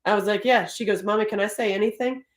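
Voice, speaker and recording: A middle-aged woman hosting a live stream in casual, animated talk, laughing often. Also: medium pitch, fast. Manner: animated, laughs often, Southern-tinged "y'all".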